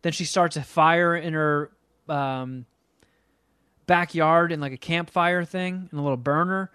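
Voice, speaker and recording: A man's voice: on the high side, fairly even intonation, measured pace, bright, forceful tone, clear, resonant tone, no room sound, clean studio sound. A man on a podcast ranting about a movie he hated in a casual, profane, exasperated way. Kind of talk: casual comedic movie rant.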